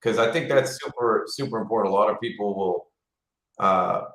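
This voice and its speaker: A man speaking as a guest in a casual online interview. He sounds earnest and soft-spoken, and his voice sits a little low. The room around him adds a noticeable echo. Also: moderate pace. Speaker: guest, company founder. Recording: roomy sound.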